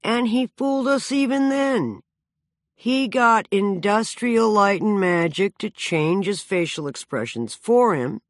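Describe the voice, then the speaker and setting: A woman around sixty reads her own memoir with wry, self-mocking humor. Her pitch leaps and dips animatedly through each sentence, at an ordinary middle height. The recording is close and completely dry, with no room sound. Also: no room sound. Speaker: author narrating her memoir.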